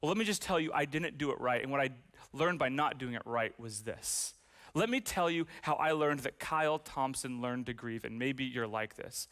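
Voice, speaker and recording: A man in his twenties, a pastor preaching a sermon, telling personal stories animatedly and turning soft and slow when speaking about grief. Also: mid-range voice. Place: church stage with audience.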